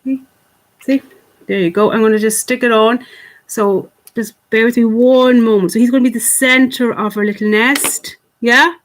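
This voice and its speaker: A woman's voice: a little high, fairly even intonation, moderate pace. A woman teaching children clay modelling online, chatty and encouraging, talking to the camera as if the kids were there. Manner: fond of cute words like "little". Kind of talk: online craft lesson for children.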